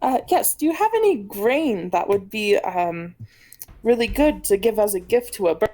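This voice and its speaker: A woman's voice: mid-range voice, animated, normal speed, warm tone, natural voice. A woman voicing a scatterbrained young woman adventurer in a tabletop game, hesitant and stammering.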